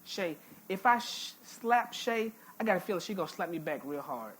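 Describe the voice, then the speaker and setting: Over a noisy crowd, a woman pastor with a lowish voice and lively intonation preaches at normal speed in the church sanctuary. Folksy, emphatic and joking, she tends to repeat words as she restarts.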